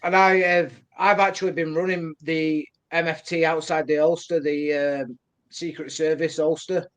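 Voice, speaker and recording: A man with a Northern English accent, a security team member talking casually on a podcast. His voice sits a little high, and he jokes plainly. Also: flat delivery, moderate pace, fairly bright tone.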